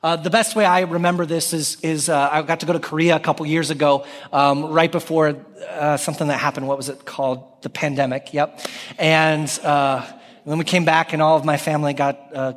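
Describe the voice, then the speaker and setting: Man, pastor, sermon, animated delivery, higher voice, long hall reverb. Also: a little fast. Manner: animated, calls out scripture loudly. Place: church sanctuary.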